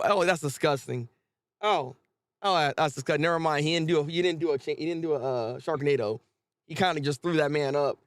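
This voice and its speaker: A man streaming a live manga reaction, joking and animated, tripping over repeated words when excited. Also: on the high side, fairly quick, no echo.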